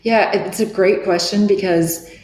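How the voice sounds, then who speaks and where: A woman's voice: medium pitch, fairly even intonation, unhurried, a little mellow. A middle-aged woman, a podcast guest, speaking earnestly and reflectively, often restarting her sentences. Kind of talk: candid interview talk. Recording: echoey room with faint noise.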